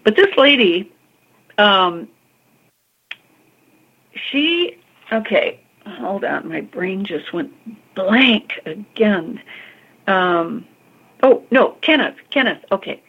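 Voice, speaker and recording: Woman, psychic medium, gravelly, husky, expressive storytelling, phone-like sound. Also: mid-range voice, slow pace, pauses often. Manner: expressive, calls the listener honey and girl. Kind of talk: animated storytelling in an interview.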